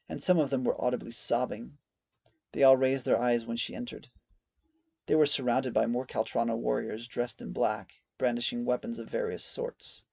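Narrator: man, steady measured storytelling, gravelly, very dry close sound. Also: mid-range voice, dry recording. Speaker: audiobook narrator. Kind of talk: scripted narration.

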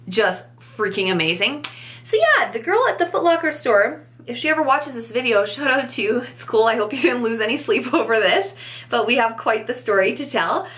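Bright, chatty young woman vlogger. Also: on the high side. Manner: animated, chatty, acts out quotes. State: pregnant. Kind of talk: casual storytelling to camera.

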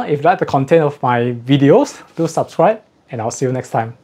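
With a mid-range, husky, darkish voice, a man talks briskly and animatedly through a casual unboxing of audio gear. He's a bit out of breath, explains the technical specifics methodically, and corrects himself as he goes.

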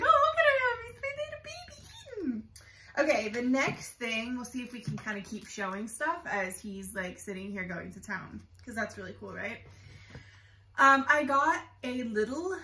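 A young woman chatting excitedly in a home vlog, showing bird toys and cooing at her pet bird. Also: far from the mic, slight background noise. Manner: chatty and excitable, many fillers, high coos to her bird. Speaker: bird vlogger. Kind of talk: casual show-and-tell vlog. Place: room at home. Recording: roomy echo, voice a bit off-mic.

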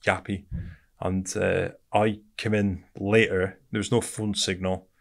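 A man's voice: low-pitched, level tone, unhurried, creaky. A man from Britain, a podcast guest telling his story bluntly and candidly, swearing often and calling the host mate.

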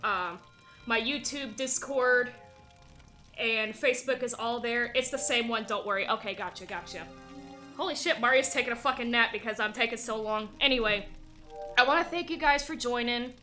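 A woman's voice: a little high, moderate pace, bright, forceful tone, soft background music. A woman streaming a video game, chatting casually and swearing freely as she wraps up. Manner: casual, profane, rambling. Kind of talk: game livestream commentary.

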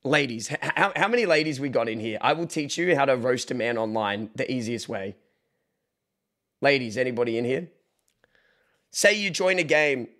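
A young man chatting casually on a live stream, joking and breaking into mock shouts, recorded on a desk microphone at home. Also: medium pitch, lively intonation, moderate pace, pauses often. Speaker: livestreamer.

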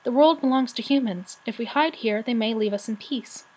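A woman's voice: fairly high pitch, moderate pace, darkish tone, breathy edge. A woman voicing a cautious, dismissive male dragon in a storybook reading.

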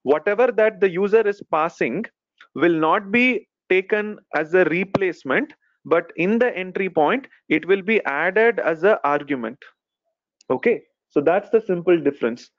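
Male instructor on a video call, patient step-by-step explainer, somewhat high-pitched, muffled lo-fi line. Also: animated, normal speed. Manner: explains step by step, many fillers like "okay" and "right". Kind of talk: live online technical lesson. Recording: dull lo-fi call audio.

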